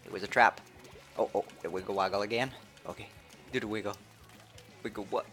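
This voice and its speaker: A man streaming a video game live, chatting playfully and excitedly. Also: fairly low pitch, brisk, soft background music. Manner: playful, excitable, switching between English and French. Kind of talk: casual live-stream commentary.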